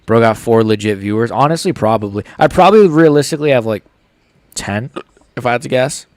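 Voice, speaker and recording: Young dude on a late night stream, hiccuping, chill slangy talk, dead dry mic. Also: male voice, mid-range voice, fairly quick, no room sound. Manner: reads chat aloud, laid-back slangy banter. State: has the hiccups. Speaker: streamer reacting live to fights. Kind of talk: casual live stream chat.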